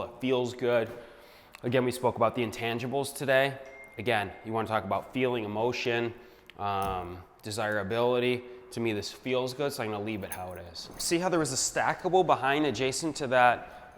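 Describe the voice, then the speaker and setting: A man's voice: medium pitch, in a large hall, slight background noise. A man, a real estate investor, walking through a renovation and talking in punchy, hyped short phrases. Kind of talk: walkthrough vlog. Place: empty house under renovation, indoors.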